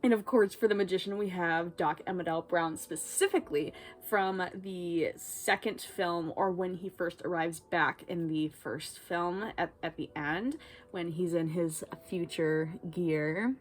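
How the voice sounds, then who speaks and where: A young woman unboxing a tarot deck in a vlog, gushing with breathless excitement, gasping and squealing between her words. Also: fairly low pitch, measured pace. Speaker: tarot vlogger.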